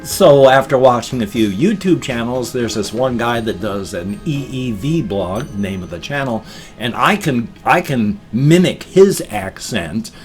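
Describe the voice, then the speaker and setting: A man's voice: medium pitch, expressive, measured pace, soft background music. Tired man in his fifties rambling on. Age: 50s. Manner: rambling, explains at length with restarts. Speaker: vlogger. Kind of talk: casual rambling vlog talk.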